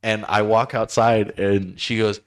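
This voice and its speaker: A man's voice: fairly low pitch, level tone, measured pace. A man hosting a podcast, telling a story in a profane, rambling, self-mocking way. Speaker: podcast host. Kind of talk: casual storytelling.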